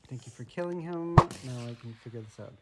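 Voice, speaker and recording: A man's voice: mid-range voice, a little fast, heavy background noise. A man playing a video game with his son at home, joking and asking lots of bemused questions, recorded on a tablet. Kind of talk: casual gameplay commentary. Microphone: tablet microphone.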